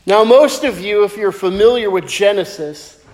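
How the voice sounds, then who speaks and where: A man preaching a sermon as pastor, lively and joking as he tells stories. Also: high voice, normal speed. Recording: echoey hall with long reverb.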